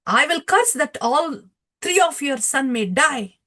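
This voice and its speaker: A woman's voice: high-pitched, expressive, measured pace, pushed and bright, pitched above the performer's own voice, exaggerated voice. A woman voicing an indignant holy man who scolds a devotee in a retold scripture story. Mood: angry. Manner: raised, indignant.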